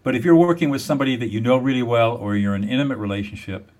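A man's voice: mid-range voice, very fast, a little mellow. A man speaking as a guest in an interview, explaining a method step by step in an emphatic, repetitive teaching manner. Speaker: guest, mediator.

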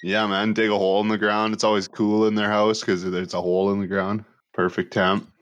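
A man's voice: fairly low pitch, flat delivery, brisk. A man on a casual podcast making crude jokes. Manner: crude, joking interjections. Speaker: podcast co-host. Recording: dull lo-fi mic.

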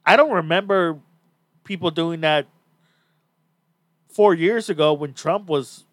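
A man's voice: fairly high pitch, takes it slowly, no room sound. A man hosting a podcast in casual chat, talking bluntly and swearing freely. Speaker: podcast host.

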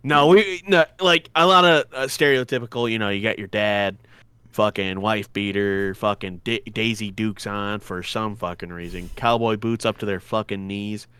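A man's voice: on the low side, normal speed, sharp tone, smooth, dry recording. A man co-hosting a podcast, bantering and laughing with profane, joking stories into a podcast mic. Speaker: podcast co-host. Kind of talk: casual podcast chat. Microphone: podcast microphone.

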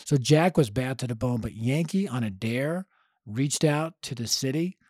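Male podcast guest, animated storyteller, average pitch, dry close recording. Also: moderate pace, dry recording. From Denver, United States. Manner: energetic, acts out quoted voices, punchy. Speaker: podcast guest, youth ministry leader.

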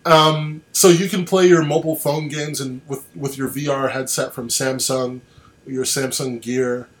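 A man's voice: medium pitch, fairly even intonation, unhurried, roomy sound. A man hosting a casual online chat, rambling with restarts and sardonic asides. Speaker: podcast host. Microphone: online call.

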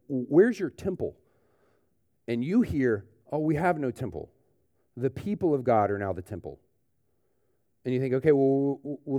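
A man preaching a sermon in a relaxed, conversational way, often dropping in "like" and "you know". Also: mid-range voice, no room sound, clean studio sound. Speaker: pastor. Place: church.

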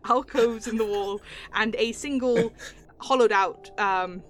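A woman's voice: a little high, takes it slowly. A woman narrating as game master, describing scenes with lots of loose fillers. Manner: descriptive, with many "like" fillers and light laughs.

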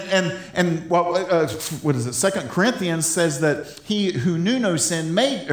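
A man's voice: sits high, roomy sound. A man giving an informal Bible teaching, enthusiastic and laughing often, stumbling over repeated words as he talks.

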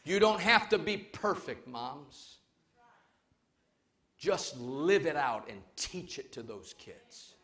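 A male pastor preaching a sermon to his congregation, emphatic, swinging between loud calls and quiet urging. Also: a little high, very animated, takes it slowly. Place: church service before a congregation.

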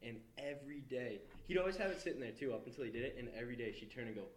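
A young man casually telling school stories, laid-back and quick to laugh, with frequent swearing. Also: medium pitch, expressive, echoey room, slight background noise, rough recording. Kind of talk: casual storytelling chat.

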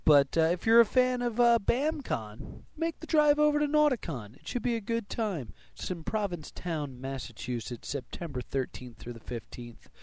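Mellow-voiced man hosting a comedy podcast. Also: high voice, very animated, normal speed, few pauses, dry recording. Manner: jokey, rambling, self-correcting. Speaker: podcast host. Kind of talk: casual comedy podcast chat with plugs. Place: live show with audience.

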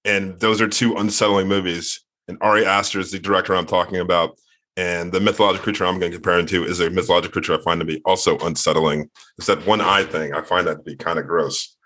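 Man, podcast co-host, deep voice with a forceful edge, straightforward. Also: steady tone, fast. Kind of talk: casual chat.

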